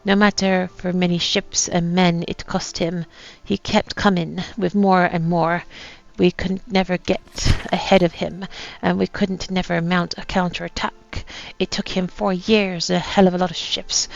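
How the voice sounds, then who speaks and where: Woman doing a gravelly old pirate captain, boastful and bitter, rough put-on pirate accent, low, dull lo-fi sound. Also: little pitch movement, unhurried, hardly any pauses. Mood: rueful. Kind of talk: reading a journal aloud in character.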